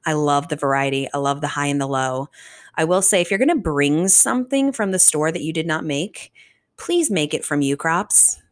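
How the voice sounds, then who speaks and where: A woman in her twenties from the Richmond, Virginia area, hosting a podcast in casual solo chat, animated and swearing freely. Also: deep voice, moderate pace. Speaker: podcast host.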